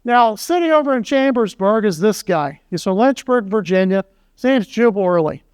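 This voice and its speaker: A man's voice: high voice, expressive, normal speed, clear, resonant tone, no echo. A man presenting a public history lecture to a local audience. He talks in a folksy, conversational way and drops wry asides to the crowd.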